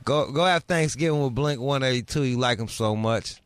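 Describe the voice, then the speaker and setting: A middle-aged man with a medium-pitched, clean voice talks at normal speed on a dry recording. As a podcast co-host in casual, profane chat, he's blunt, curses frequently and mimics people in his stories.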